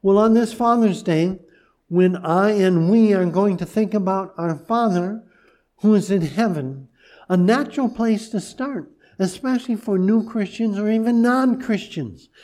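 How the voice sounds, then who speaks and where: A man preaching a sermon as pastor, speaking gently and deliberately with pauses and restarts. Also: sits high.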